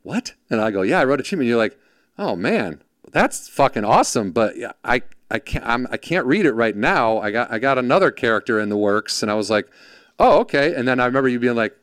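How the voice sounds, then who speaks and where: A man's voice: medium pitch, quick pace, few pauses, smooth, no echo. A man spins a story in easy, profane conversation, jumping into the voices of the people he quotes. His voice sits in a middle register and is recorded close and dry, with no room around it. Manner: animated, acts out quoted voices, swears freely. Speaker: podcast guest, former production assistant. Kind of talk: casual storytelling chat.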